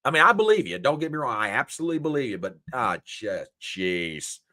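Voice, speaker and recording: A man hosting a political commentary show, talking in an animated, folksy, indignant way. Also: fairly low pitch, brisk. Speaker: host.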